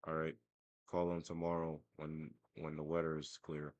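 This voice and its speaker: A man's voice: a bass voice, monotone, normal speed, darkish tone, dry recording. A man quoting his stern, irritated father in short, blunt, scolding lines. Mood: flat.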